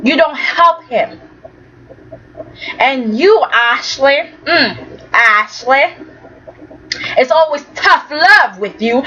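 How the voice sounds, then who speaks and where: A woman's voice: high-pitched, a bit bright, dull audio, slight background noise, heavily acted. A woman acting out a grieving older mother who scolds her family with sarcasm and tears. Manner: cutting, sarcastic, tearful. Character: grieving, accusing older mother, bitter and scornful.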